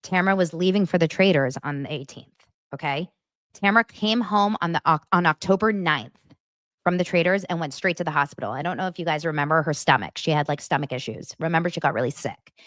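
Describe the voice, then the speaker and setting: A woman's voice: low-pitched, brisk, a bit bright, no room sound, studio quality. A woman hosting a casual gossip show, chatting and reading out text messages, often stopping to correct herself. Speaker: podcast host.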